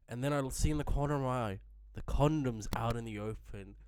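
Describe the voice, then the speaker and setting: A man recounting a tense, embarrassing story on a casual podcast, wry and full of swearing. His voice is mid-pitched and recorded dry and close, with no room sound. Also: fairly quick, hardly any pauses, a little mellow, smooth, no echo. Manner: wry, swearing, builds suspense. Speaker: podcast co-host.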